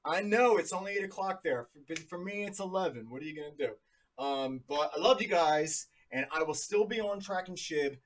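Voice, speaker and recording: A man's voice: on the high side, lively intonation, normal speed, slight background noise. A man in his thirties from New Jersey, casually talking through charts on a live stream in a chatty, jokey way. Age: 30s. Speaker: crypto livestream host.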